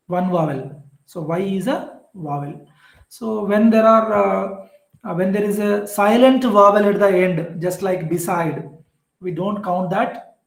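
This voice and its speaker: A man with an Indian English accent giving a classroom lecture on poetry, explaining slowly and repeating example words. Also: high-pitched, roomy sound, rough recording.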